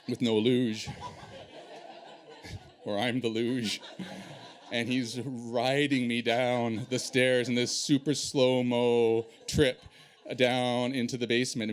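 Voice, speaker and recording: A man telling a personal story on stage in an animated, self-deprecating way. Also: medium pitch.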